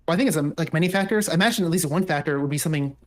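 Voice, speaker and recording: Man, online debater, halting and hesitant, quick talker. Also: on the high side. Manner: hesitant, halting, many fillers and restarts.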